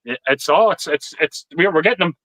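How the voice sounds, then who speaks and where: A man hosting a relaxed livestream, his voice pitched noticeably high for a man and sounding dry and close on the mic. He swears freely, laughs often and trips into quick restarts. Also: no echo, poor audio. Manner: swears constantly, laughs a lot, stammers on restarts. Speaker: livestream host. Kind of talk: casual chat.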